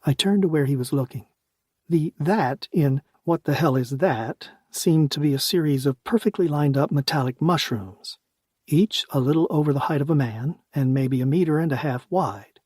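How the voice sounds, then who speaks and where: Husky male audiobook narrator. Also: on the high side, moderate pace, mellow, no room sound, clean studio sound. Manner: wry, conversational. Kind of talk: first-person audiobook narration.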